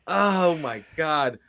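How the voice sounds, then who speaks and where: A man's voice: a little high, gravelly, pushed and bright. A man hosting a reaction video, talking in an amused, rambling way and addressing viewers. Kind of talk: casual reaction commentary.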